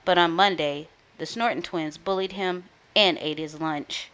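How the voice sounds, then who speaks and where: A woman storyteller reading a children's book aloud in a lively, expressive way. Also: on the low side, measured pace, hardly any pauses, clear, resonant tone.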